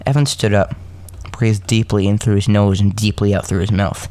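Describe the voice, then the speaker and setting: Man, low-pitched, casual story reading, joking asides, dry recording. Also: fairly even intonation, mellow, no room sound. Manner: halting, self-correcting, joking asides between coughs. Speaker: podcast host reading a story.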